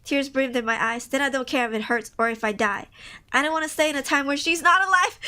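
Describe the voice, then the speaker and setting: Bright high-voiced woman reading aloud. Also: quick pace. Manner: emotional, cries and exclaims between passages; casual, swears often. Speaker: streamer reading horror stories. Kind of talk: live-stream story reading with reactions.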